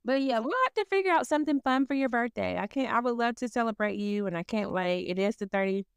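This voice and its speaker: A woman's voice: on the high side, fast, clear, resonant tone, dry recording. A woman co-hosting a podcast, chatting in an easygoing, supportive way. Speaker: podcast co-host. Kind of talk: casual podcast chat.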